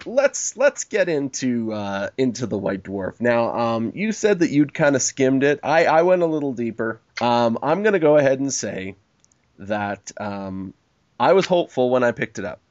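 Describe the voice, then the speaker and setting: Animated man, casual and swearing. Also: medium pitch, unhurried, no room sound. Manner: animated and swearing, quotes people in mock voices. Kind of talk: casual chat. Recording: dull lo-fi recording.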